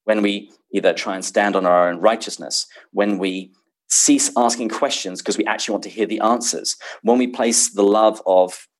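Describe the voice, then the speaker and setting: Articulate man, lowish voice. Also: steady tone, normal speed, poor audio. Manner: articulate, laughs easily. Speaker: podcast guest, speaker on C. S. Lewis. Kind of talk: casual interview chat.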